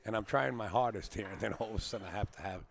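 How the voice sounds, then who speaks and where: Chatty man with a very low voice. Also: racing, vocal fry. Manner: chatty, rambling, greets viewers by name. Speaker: live stream host. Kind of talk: casual live-stream chat. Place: pool hall.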